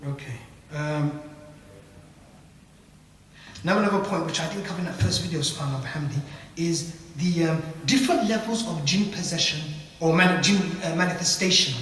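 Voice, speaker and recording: British man, high voice, casual rambling lesson, heavy echo from far away in a big room. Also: fairly bright tone, a little hiss or hum. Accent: British English. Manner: loose, repetitive explaining with tag questions. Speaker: ruqya teacher. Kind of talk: informal spoken lesson. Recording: echoey hall from far off.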